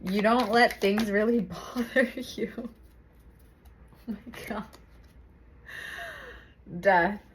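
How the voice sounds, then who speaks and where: Young woman, tarot reader, chatty and laughing a lot, loose casual talk, mid pitch. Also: extremely slow, pauses often, slight background noise. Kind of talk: casual tarot reading to camera.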